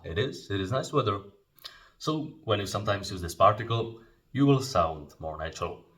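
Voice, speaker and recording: Deep-voiced man teaching, slightly distant mic. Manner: animated, acting out example phrases with bursts of emphasis. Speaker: Japanese language teacher. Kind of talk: casual explanatory lesson.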